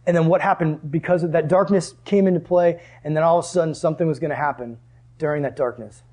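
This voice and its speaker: A man preaching a sermon in a conversational way, asking the room questions and dropping to hushed tones for emphasis. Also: a little high, fairly even intonation, quick pace.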